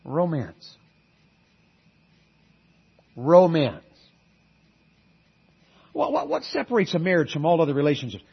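A middle-aged man preaching a sermon, swinging from loud exhortation to quiet earnest asides and calling on the congregation for amens. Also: a little high, breathy edge, dull audio. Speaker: guest preacher.

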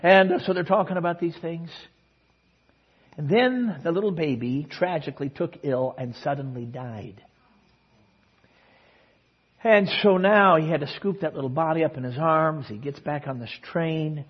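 A man preaching a sermon, telling a story with sudden swings between soft and loud passages, in front of a congregation. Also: a little high, lively intonation, normal speed, husky, dull audio. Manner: storytelling with dramatic swings in loudness and pace. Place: church service.

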